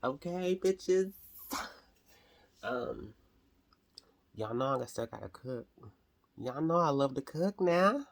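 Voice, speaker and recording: A woman vlogging casually to camera, chatty and expressive, often calling viewers honey. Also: extremely low pitch, slow, pauses often.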